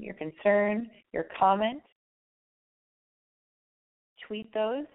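A woman hosting a casual call-in radio advice show, raspy and hoarse from losing her voice, talking candidly in a rambling way and swearing freely. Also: on the low side, phone-quality sound.

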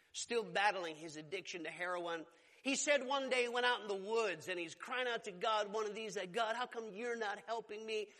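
A man preaching a sermon as a pastor, emphatic and rising to loud exclamations. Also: sits high. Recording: long hall reverb.

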